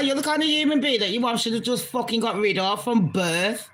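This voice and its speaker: A woman's voice: a little high, expressive, fairly quick, a bit bright, poor audio. Swearing British Jamaican woman ranting. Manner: profane, heated, swearing constantly. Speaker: vlogger. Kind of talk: angry political rant vlog.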